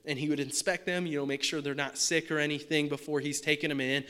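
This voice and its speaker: A man's voice: fast talker, clean tone. A man preaching a sermon in a conversational way, often asking his listeners questions. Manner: puts on a high excited dog-talk voice at times. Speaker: pastor.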